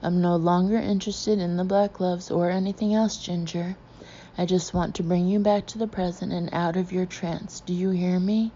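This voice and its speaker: A stern, insistent male hypnotist, as a woman narrator voices him, coaxing and then commanding in a low, mellow tone. The audiobook recording is dull and lo-fi, with a faint hiss. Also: steady tone, moderate pace, lightly acted. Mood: pleading. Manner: soothing then stern and demanding.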